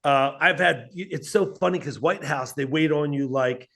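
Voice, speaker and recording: Brief: man, comedian guest, lively storyteller who voices the people in his stories, pitched a bit high. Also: normal speed, vocal fry. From Atlantic City, New Jersey. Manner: animated, acts out quoted dialogue in his stories. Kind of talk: casual storytelling chat.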